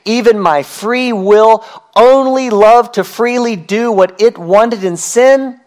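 This pastor's voice sits high with a darkish tone as he preaches earnestly and with emphasis. He repeats important phrases, moving between slow, lingering words and fast runs.

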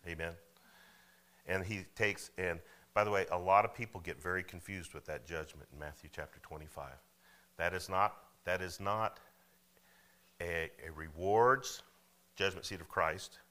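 A man preaching a sermon in a folksy way, often checking in with "Amen?" and "okay?", swinging from loud emphasis to hushed asides. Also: sits low. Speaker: pastor.

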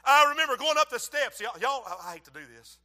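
A male preacher with a very high voice, acting out stories in his sermon. He drops to a hush and then rises to a shout. His bright, sharp tone rings out through the long reverb of a large hall. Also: fast. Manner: animated, swings from hushed to shouting. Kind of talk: sermon with acted-out story.

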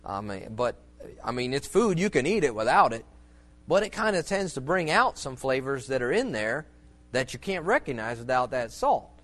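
With a medium-pitched, fairly bright voice that swings widely in pitch, this preacher speaks at a moderate pace. He teaches on church music in an informal, sermon-like ramble, folksy and filled with restarts, fillers and homely examples.

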